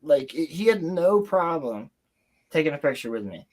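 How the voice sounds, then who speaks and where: Excited young man telling a story. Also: a little high, moderate pace. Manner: excited, rambling, swears casually. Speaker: livestream host. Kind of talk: casual storytelling. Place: home, building Lego on stream.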